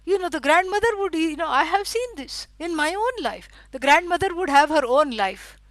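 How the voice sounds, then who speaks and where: A middle-aged woman teaching a scripture lecture. She explains at length, fills pauses with "you know" and stresses words for emphasis. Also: very high voice, expressive, a bit bright, no echo, rough recording. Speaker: Vedanta teacher.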